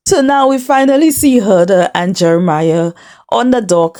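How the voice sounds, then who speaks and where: A young woman hosts a casual reality TV recap vlog. She retells scenes in a chatty, animated way and slips into the islanders' lines. Her voice sits low for a woman and sounds mellow and warm. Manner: chatty, animated storytelling with quoted asides.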